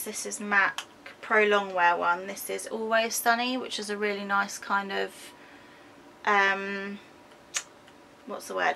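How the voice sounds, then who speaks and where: A woman's voice: mid-range voice, vocal fry, background noise. A woman with an English accent chatting through a product walkthrough, hesitant with frequent ums and self-corrections. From United Kingdom. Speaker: beauty vlogger.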